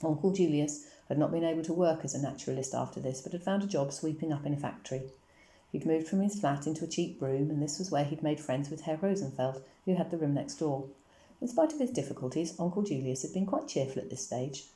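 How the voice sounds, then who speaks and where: A woman reads a children's novel aloud in a low, mellow voice. She tells the story in a calm, measured way. The room around her is echoey. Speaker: reader.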